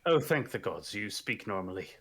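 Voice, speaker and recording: A man's voice: lowish voice, sing-song, moderate pace, a bit bright, slightly rough, pitched below the performer's own voice, exaggerated voice. A man voicing a fussy, pompous dragonborn noble who talks with mock-genteel politeness. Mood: relieved.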